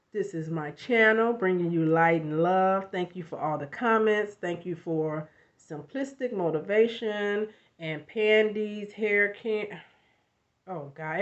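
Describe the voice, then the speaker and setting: A woman vlogging casually about self-help, chatty and animated, with frequent asides and a slight cough after illness. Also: on the low side. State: recovering from covid, coughing. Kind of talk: casual motivational vlog. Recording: lo-fi home recording.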